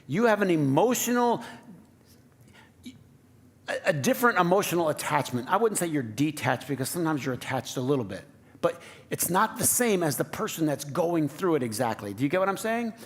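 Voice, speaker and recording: Male pastor, conversational sermon with playful asides, voice a touch high. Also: sing-song, fairly quick. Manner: conversational, playful, asks the congregation questions. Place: church sanctuary.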